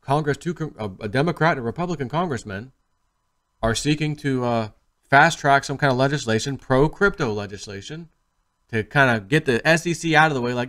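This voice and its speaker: A man talks to camera in a loose, rambling vlog voice at a middle pitch. He tells stories with lots of energy and acts out the people he quotes. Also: brisk. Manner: rambling, animated storytelling with acted-out quotes. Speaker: crypto video host. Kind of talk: casual to-camera vlog talk.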